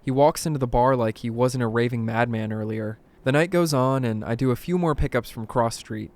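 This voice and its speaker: A man reading creepy first-person stories aloud in a dramatic narration, dropping to a hush at tense moments. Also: mid-range voice, a little fast. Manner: dramatic, hushed at tense moments, bursts of alarm. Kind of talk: scripted horror story narration.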